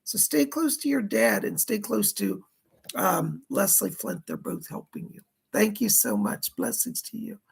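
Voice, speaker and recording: A hoarse man with a dry throat hosts a live psychic reading stream, his voice deeply gravelly and almost pure rasp. He chats casually while relaying spirit messages and thanking viewers by name. His pitch swoops wildly, though his pace stays measured.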